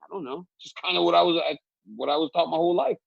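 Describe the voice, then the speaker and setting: A man, a guest telling animated stories in casual chat and laughing often. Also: on the high side, very fast, vocal fry, dry recording. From Louisiana. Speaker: guest analyst. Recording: dull, lo-fi remote feed.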